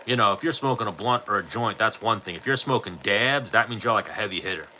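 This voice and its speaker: A man's voice: lowish voice, expressive, fast talker, sharp tone, slight background noise, poor audio. A man, hosting a podcast and answering chat questions in a blunt, profane, offhand way. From New York. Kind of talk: casual chat.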